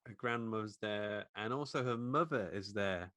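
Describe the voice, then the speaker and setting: Casting note: man, podcast co-host, easygoing recap, lowish voice, dry mic. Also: normal speed, sharp tone, no echo. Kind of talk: casual film recap chat.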